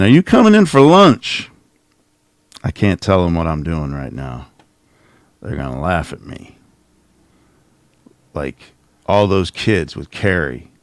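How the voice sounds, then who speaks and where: A middle-aged man with a low, gravelly voice and plenty of vocal fry rambles sarcastically through a casual livestream. He speaks close to the mic in a dry, dead room, with a mocking, offhand tone. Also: no room sound. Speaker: channel host. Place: home office.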